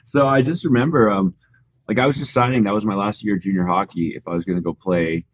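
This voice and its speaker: A young Canadian man from rural Alberta, a guest telling his story in a relaxed, modest way with frequent fillers. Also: on the low side, fast. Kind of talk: casual interview storytelling.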